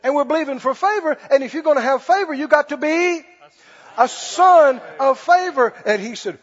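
A man's voice: extremely high pitch, lively intonation, normal speed, highs cut off. A man preaching a sermon as pastor, telling a story, then leading a fervent prayer and praise.

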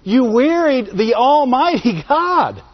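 High-voiced preacher asking "Amen?". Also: male voice, big pitch swings, takes it slowly. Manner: asks the congregation for call-and-response "Amen?"; repeats phrases for emphasis and chuckles between points. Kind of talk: sermon. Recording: dull lo-fi sermon recording.

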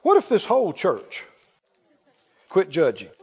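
A high-pitched pastor, his pitch swooping wildly, speaks a little slowly in a voice that's a little mellow and slightly rough. Preaching emphatically to a live church congregation, he repeats key phrases and asks if they hear him. The echoey hall recording sounds dull and lo-fi.

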